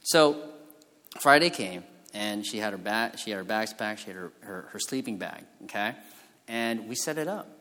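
A man's voice: fairly low pitch, expressive, moderate pace, pushed and bright. A man, a physician, telling a story during a talk, with lots of fillers and restarts. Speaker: physician giving a conference talk. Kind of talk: storytelling presentation. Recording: hall reverb from a lecture room.

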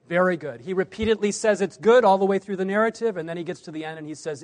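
Preacher man with swinging loudness. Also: fairly quick. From United States. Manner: varies loudness widely, drops low at phrase ends. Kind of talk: sermon presentation.

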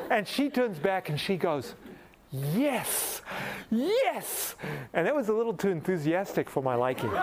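Animated man telling a story from the pulpit. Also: high voice, noisy background. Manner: animated storyteller, voice rising into excited laughter. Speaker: preacher. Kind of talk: storytelling sermon.

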